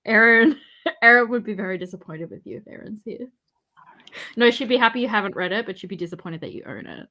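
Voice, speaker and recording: A woman co-hosting a casual chat, animated and teasing, laughing often. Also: medium pitch, fast talker, dull audio. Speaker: podcast co-host.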